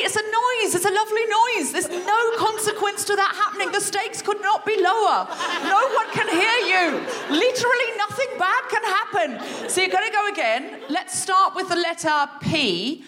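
A woman, speaking as a guest on stage and leading an audience through a creativity exercise in a playful, energetic way, laughing often. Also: very high-pitched, background noise. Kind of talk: live stage talk to an audience.

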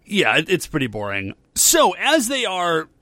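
A man's voice: sits high, huge pitch swings, measured pace, pushed and bright, no echo. A man casually recapping a show with a co-host, agreeable and chiming in, sometimes acting out lines. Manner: agreeable, chiming in, acts out quotes. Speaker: podcast co-host.

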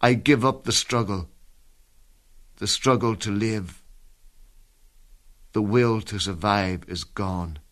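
A man reads a soldier's memories of battle in the first person, unhurried and deliberate. His low voice stays grave and intense, dropping toward a hush when the story turns dark. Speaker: reader of a soldier's war memoir. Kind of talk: dramatic first-person reading.

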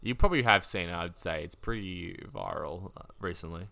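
Man with a low voice and a dry, close sound, co-hosting a podcast, animated and joking. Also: a little fast, gravelly, no echo. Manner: animated, joking, swears freely. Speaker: podcast co-host. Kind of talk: casual chat.

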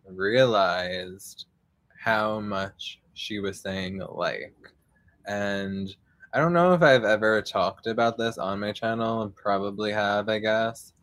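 Slow, low-voiced man rambling on a podcast. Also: fairly bright tone, no room sound. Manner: rambling, lots of fillers and casual swearing. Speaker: podcast host. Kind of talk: casual live podcast monologue. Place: outdoors.

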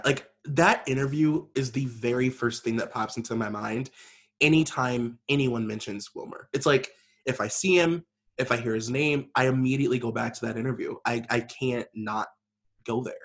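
A man's voice: medium pitch, normal speed, fairly bright tone. A man co-hosting a podcast, rambling sarcastically about celebrity gossip, swearing and saying "like" often. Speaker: podcast co-host. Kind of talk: casual gossip chat.

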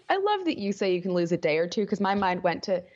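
A woman career coach who is a guest on a podcast, talking in an animated way, laughing often and acting out what people say. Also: mid-range voice, brisk, muffled recording. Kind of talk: casual podcast interview.

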